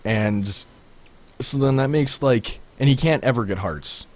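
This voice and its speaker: A man's voice: mid-range voice, unhurried, darkish tone. A man co-hosting a podcast, explaining game mechanics in a chatty, rambling way. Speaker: podcast co-host. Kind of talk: casual gaming chat.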